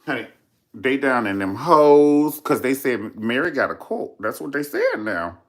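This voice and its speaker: A man talks straight to his followers in a casual gossip vlog, full of sass and profanity. His pitch swings all over the place, playful one moment and indignant the next, with "honey" sprinkled throughout. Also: huge pitch swings, measured pace. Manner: sassy, dramatic, profane, says "honey" a lot. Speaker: vlogger host. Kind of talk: casual celebrity gossip commentary.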